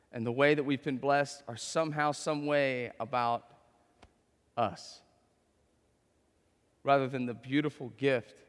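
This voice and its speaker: A man's voice: medium pitch, in a large hall. A man in his thirties preaching a sermon as a pastor, conversational, tossing in tag questions and stories from home.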